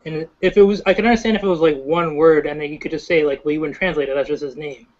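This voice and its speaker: A man asking questions in a casual Bible study discussion over a video call, halting and inquisitive. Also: fairly high pitch, steady tone, darkish tone, highs cut off.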